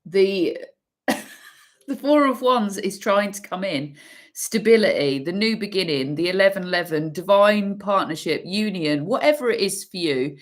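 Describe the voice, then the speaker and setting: A woman giving an intuitive tarot energy reading, emphatic and swearing freely, pausing and restarting as she pulls cards. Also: mid-range voice, animated. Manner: pauses and restarts while pulling cards. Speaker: tarot reader.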